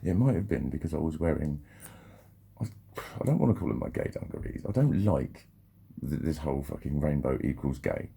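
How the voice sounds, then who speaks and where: A man's voice: rumbling low, animated, a little fast, creaky, dark tone, slightly rough. A man rambling and swearing freely through a casual vlog monologue, often breaking off and restarting his sentences. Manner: rambling, sweary, self-interrupting. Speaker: vlogger.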